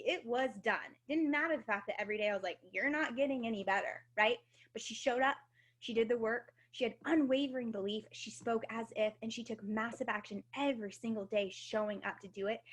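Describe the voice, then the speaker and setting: A woman's voice: fairly high pitch, a bit bright. Upbeat woman giving a motivational talk. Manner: upbeat, conversational, casual swearing. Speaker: guest speaker. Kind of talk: motivational talk on a team call. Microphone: video call.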